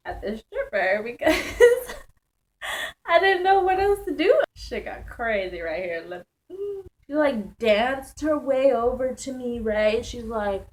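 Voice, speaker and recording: Slow-talking woman telling a wild story. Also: medium pitch, poor audio. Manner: animated, slangy, laughs often. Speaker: storytime vlogger. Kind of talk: casual storytelling.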